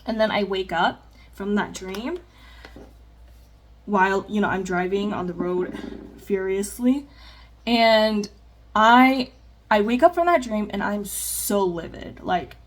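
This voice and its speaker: A woman's voice: medium pitch, unhurried, slight background noise. A woman chatting candidly in a get-ready-with-me vlog, rambling with plenty of fillers while doing her makeup at home. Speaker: vlogger. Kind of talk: casual get-ready-with-me chat.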